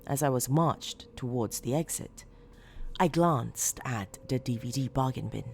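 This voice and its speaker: A woman reading a horror story as scripted narration, measured and low-key with dramatic emphasis. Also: gravelly, a little mellow, a little hiss or hum.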